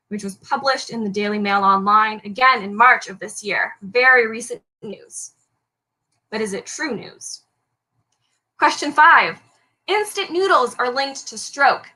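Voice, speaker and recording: Young female quiz host, high and bright, upbeat headline reader who jokes through her slips. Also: expressive, unhurried, poor audio. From Canada. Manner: upbeat, apologetic over slips, lightly joking. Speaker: trivia host. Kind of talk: reading quiz headlines aloud.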